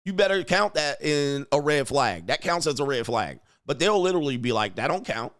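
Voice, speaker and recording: A man hosting a casual livestream, reading chat comments and telling stories in a profane, animated way. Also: a little high, normal speed. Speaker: host of a livestream show. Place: home studio.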